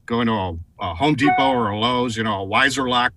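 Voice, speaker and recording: A middle-aged man telling a story in a TV interview, animated and full of fillers and repeated words. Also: mid-range voice, a little fast, poor audio. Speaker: guest, advertising executive.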